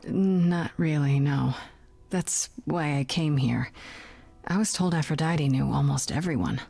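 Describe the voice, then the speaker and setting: A woman's voice: sits low, a little slow, vocal fry, warm tone, breathy edge, exaggerated voice. An actress playing an earnest, wry young woman who is looking into a death. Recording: game audio with faint music beneath.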